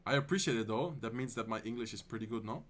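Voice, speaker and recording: A Dutch man streaming live, calling an esports match in English with a Dutch accent, then answering chat in a relaxed, friendly way. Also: mid-range voice. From Netherlands. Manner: excited fast play-by-play calls that give way to relaxed, soft chat replies. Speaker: streamer and tournament caster.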